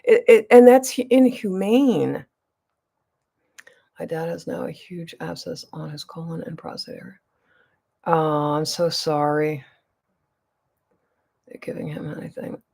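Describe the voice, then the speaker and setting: A woman vlogger chats straight to her viewers, her voice carrying a gravelly creak. She rambles through a long story with plenty of restarts, and she stresses her points emphatically. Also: deep voice, unhurried, long pauses, dark tone. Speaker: beauty vlogger.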